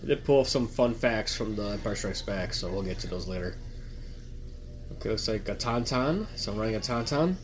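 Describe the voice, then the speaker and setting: A man's voice: fairly low pitch, animated, moderate pace, a little hiss or hum. Man giving chatty movie commentary. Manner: chatty, thinking aloud, chewing popcorn while talking. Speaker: movie watch-along host. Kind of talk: casual live movie commentary.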